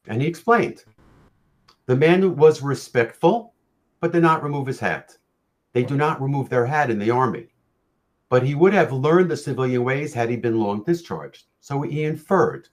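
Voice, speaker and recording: A man presenting a lecture on facial pain, speaking in a measured storytelling way with occasional fillers and restarts. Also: medium pitch. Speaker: orofacial pain practitioner presenting.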